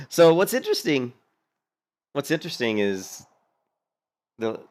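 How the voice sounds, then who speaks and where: Low-voiced man rambling through gaming commentary. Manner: rambling, animated, swears casually, frequent fillers. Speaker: gaming streamer commentating on a hardcore game run.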